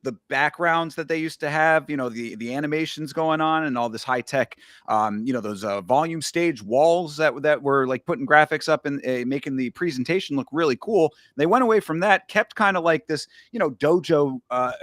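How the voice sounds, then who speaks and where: A man's voice: fairly high pitch, moderate pace, hardly any pauses, fairly bright tone, dry recording, clean studio sound. A man hosting a casual podcast, talking in a rambling way with many restarts and asides. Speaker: podcast host. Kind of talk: casual chat.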